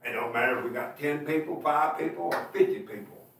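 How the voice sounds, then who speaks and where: A man's voice: fairly high pitch, brisk, vocal fry, fairly bright tone, a little hiss or hum. A man preaching a sermon, asking his listeners rhetorical questions and pressing his points with emphatic bursts. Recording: echoey room, mic at a distance.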